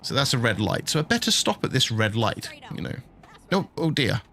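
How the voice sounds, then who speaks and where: A man's voice: medium pitch, sing-song, fairly quick, bright, forceful tone. A middle-aged man chatting casually and jokily while streaming a truck-driving game, laughing often and bantering with his chat.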